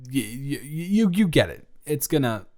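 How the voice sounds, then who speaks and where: A man's voice: mid-range voice, very animated, measured pace, a little mellow. A young man improvising a romantic audio roleplay, telling a story in a playful, teasing, rambling way.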